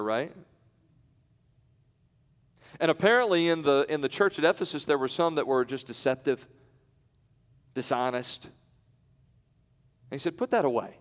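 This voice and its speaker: A male pastor preaching a sermon in a conversational way, breaking off into quiet asides and then rising into loud, emphatic peaks. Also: a little high, animated, moderate pace, long pauses. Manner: conversational, with self-interruptions and light laughs. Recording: long hall reverb.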